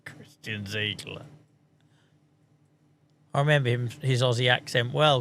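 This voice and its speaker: A man streams a farming game and talks through it in loose, mid-pitched chat. He mutters to himself, cracks jokes and swears as he plays. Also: unhurried, fairly bright tone, slight background noise. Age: adult. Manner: chatty, swearing, joking, mutters while playing. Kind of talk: casual live-stream chat.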